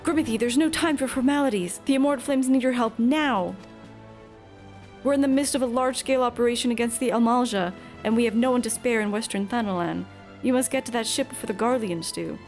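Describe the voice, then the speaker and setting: A woman's voice: on the high side, brisk, darkish tone, faint music behind, natural voice. A woman voicing a flustered military officer with a put-on British accent who barks urgent orders.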